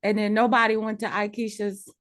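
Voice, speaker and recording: A woman's voice: medium pitch, little pitch movement, fairly quick. A woman co-hosting a casual chat recapping reality TV, frank and opinionated with a dry edge. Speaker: podcast co-host.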